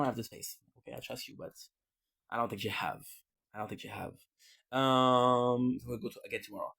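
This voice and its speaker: A man talks to his viewers in a loose, rambling vlog, circling back and repeating himself as he goes. His voice has a gravelly, fried edge at a middle pitch. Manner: rambling, with frequent restarts and repeated words. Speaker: vlogger. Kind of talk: casual rambling livestream talk.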